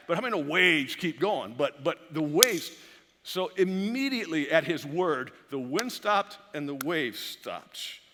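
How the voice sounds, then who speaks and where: High-pitched, animated preaching man. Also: in a large hall, slight background noise. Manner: animated preaching with many repeated words and restarts. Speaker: pastor. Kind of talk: sermon. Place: church sanctuary.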